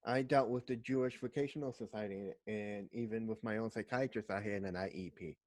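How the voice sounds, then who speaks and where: A man's voice: on the low side, fairly even intonation, brisk, darkish tone. A man hosting an interview in a casual way, relating his guest's story to his own experiences. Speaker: podcast host. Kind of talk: conversational interview.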